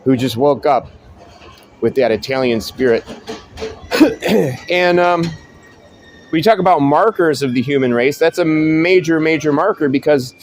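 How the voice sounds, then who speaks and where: A man's voice: fairly high pitch, slight background noise. A man hosting a casual monologue, rambling and profane with frequent restarts. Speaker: host.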